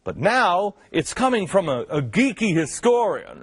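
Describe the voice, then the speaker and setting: A man hosting a talk show, delivering opinion commentary with sarcastic, mocking asides and jumps in pitch. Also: sing-song, a little slow, breathy edge, no room sound.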